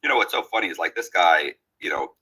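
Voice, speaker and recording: Speaking quickly in a deep, husky voice, a man spins a long, casual story, animatedly acting out what the people in it said. The recording quality is low.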